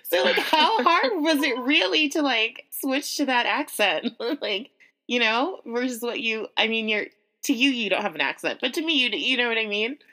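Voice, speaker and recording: Woman podcast host, bright voice, giggly and rambling interviewer. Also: a little high, lively intonation, moderate pace. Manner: giggly, rambling questions with many likes. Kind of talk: casual interview chat.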